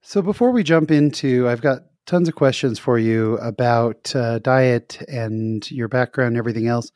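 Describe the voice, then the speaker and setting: A man hosts a relaxed interview with an ordinary mid-range voice. The sound is dry and close, with no room around it. He talks in a loose, repetitive way and acts out the people in his stories. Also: medium pitch, moderate pace, no echo. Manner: chatty, repeats words, acts out voices in anecdotes. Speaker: interview host. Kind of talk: casual interview chat.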